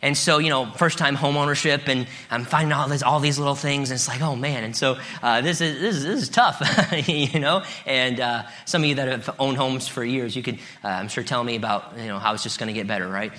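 A middle-aged man preaches a sermon in a bright, forceful voice. He moves between relaxed, conversational asides and rising, emphatic peaks. He also reads scripture aloud to the congregation. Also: medium pitch, brisk, hardly any pauses. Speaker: pastor.

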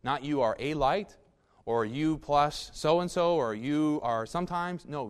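A man's voice: fairly high pitch, unhurried, clean tone. A man preaching a sermon in a folksy, emphatic way, with asides to the congregation.

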